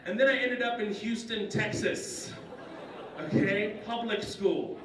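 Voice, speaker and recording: Young man, stand-up comedy, animated, high-pitched, echoey banquet hall, faint background noise. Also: unhurried. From Kuwait. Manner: animated, jumps into high-pitched character voices. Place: conference center banquet hall. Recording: roomy hall, distant mic, faint noise.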